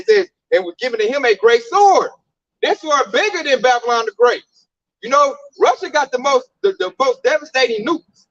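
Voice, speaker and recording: A man's voice: very high voice, a bit bright, no echo, dull audio. A man teaching scripture in a casual street-preaching style, blunt and emphatic with lots of slang. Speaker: Bible teacher.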